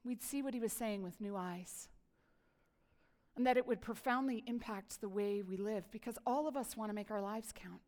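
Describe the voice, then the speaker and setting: A middle-aged woman pastor giving a chatty, animated sermon and reading scripture aloud. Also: medium pitch, normal speed, big-room sound. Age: 40s.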